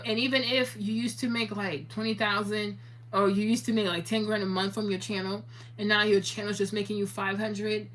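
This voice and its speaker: A young adult woman YouTuber with a medium-pitched voice addresses her viewers directly in a casual, animated monologue. She curses freely and drifts into preachy advice.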